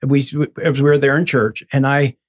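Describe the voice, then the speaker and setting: A man in an interview telling his own story in a casual, animated way, acting out the voices of people he quotes. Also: moderate pace. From Michigan. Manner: animated, acts out quoted voices with sudden high bursts.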